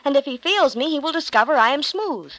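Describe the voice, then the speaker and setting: A woman's voice: high voice, animated, a little fast, a bit bright, dry recording, voice pushed up, poor audio. A woman voicing Jacob, an anxious young man, in a storybook reading. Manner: anxious, objecting.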